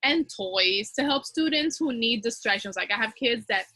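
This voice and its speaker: Woman teacher chatting fast w fellow teachers, bright voice, dry close sound. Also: fairly high pitch, expressive, dry recording. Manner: fast-talking, chatty, with frequent fillers. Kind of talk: casual talk giving advice to fellow teachers.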